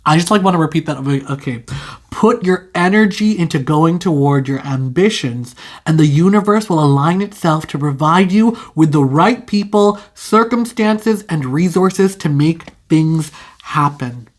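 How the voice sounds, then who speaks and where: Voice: mid-range voice, lively intonation. A young adult tarot reader giving a casual intuitive reading straight to the viewer, chatty and full of fillers, stretching out key words. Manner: chatty, filler-heavy, drawn-out keywords.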